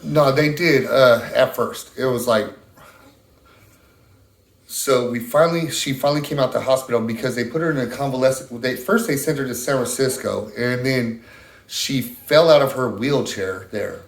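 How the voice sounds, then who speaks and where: A middle-aged man telling a long, halting story in a casual interview, full of restarts. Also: medium pitch, gravelly, roomy sound. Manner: rambling, halting, many restarts. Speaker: interviewee, husband of a stroke patient.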